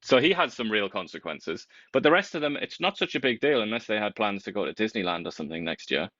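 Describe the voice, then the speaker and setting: A man co-hosting a casual political chat, talking in an animated, wry way with big swings in pitch. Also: quick pace, dry recording, muffled recording.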